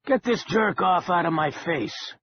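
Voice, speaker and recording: A man voicing a crude, menacing male casino owner who sneers and insults, with a gravelly voice. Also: high-pitched, lively intonation, unhurried, dull audio, a little hiss or hum, voice pushed up. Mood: sneering. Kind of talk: audiobook character voice.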